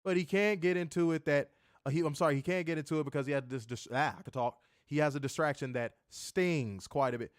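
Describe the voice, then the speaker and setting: A man's voice: on the high side, fast, no echo, clean studio sound. A man co-hosting a casual wrestling review show, joking loosely, reading chat comments and summarizing the episode. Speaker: podcast co-host reviewing wrestling.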